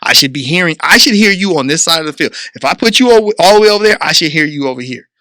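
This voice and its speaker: An emphatic man with delivers a preachy, coach-style motivational monologue for his podcast. His voice sits high and sounds bright and sharp. The recording is dry and close, with no room sound. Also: animated, fast, no echo. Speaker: podcast host.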